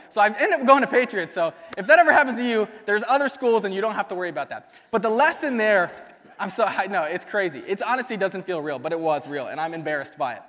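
A man's voice: sits high, fairly bright tone. A young man giving a youth sermon, telling a personal story casually with many fillers before turning to scripture. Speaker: youth ministry speaker. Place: church youth service hall. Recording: reverberant church hall.

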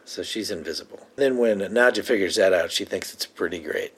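A man's voice: low voice, fairly quick, slightly rough. A man co-hosting a podcast, casually recapping a TV episode and laughing as he retells scenes. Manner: laughs often, retells scenes with quoted lines. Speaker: podcast co-host.

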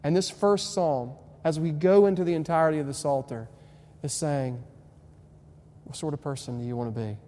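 A young man preaches a sermon, his voice dark and mellow and a little higher than most men's. He shifts between hushed tenderness and fervent, loud exhortation. The sound rings with long hall reverb over a faint hum. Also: normal speed. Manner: swings from quiet tender lines to loud impassioned preaching. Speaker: pastor.

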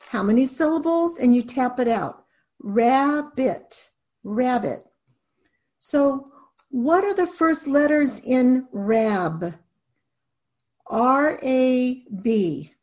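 A woman with a fairly high voice teaches spelling in a slow, unhurried lesson. She breaks words into syllables and spells each letter out patiently, step by step. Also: a little mellow. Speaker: reading teacher. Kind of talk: instructional video lesson.

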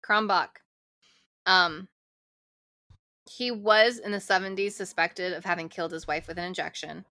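A woman's voice: on the low side, fairly even intonation, a little slow, bright, forceful tone, dry recording. A woman co-hosting a casual podcast, going through her notes in a blunt, offhand way. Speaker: podcast co-host. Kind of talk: casual chat.

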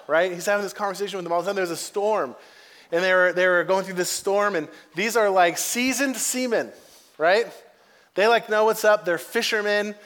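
A male pastor preaching a sermon in a casual, conversational way, acting out quotes in lively voices. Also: sits high. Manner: animated, acts out quotes in varied voices.

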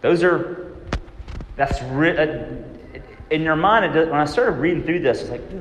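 Man, real estate trainer, animated delivery, echoey hall, long reverb, faint background noise. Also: fairly high pitch, measured pace. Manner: animated, acts out worried inner voices. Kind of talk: training talk to agents.

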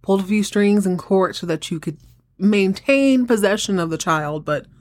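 Brief: ruthless scheming older matriarch, flat and blunt, read by a woman recapping. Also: mid-range voice, normal speed, no echo, close to an everyday voice. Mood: cold, blunt. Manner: blunt, matter-of-fact.

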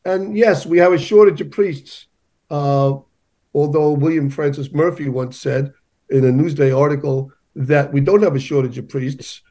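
A man's voice: fairly high pitch, normal speed, mellow. A male journalist, a guest on an interview show, making his points emphatically and telling stories. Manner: emphatic, storytelling. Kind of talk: conversational interview.

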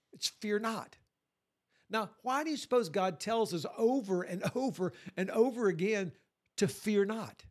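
A man preaching a sermon to his congregation, animated and lively, sometimes acting out voices. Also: high voice. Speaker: pastor.

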